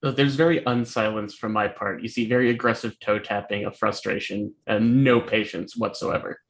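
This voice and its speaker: A man's voice: fairly low pitch, steady tone, moderate pace. A man playing a tabletop role-playing game, talking casually in a dry, teasing way. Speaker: player.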